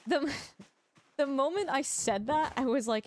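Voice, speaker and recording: Animated high-voiced woman streamer. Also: slow pace, long pauses. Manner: chatty, animated, teasing, talks to chat. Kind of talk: casual livestream chat while gaming.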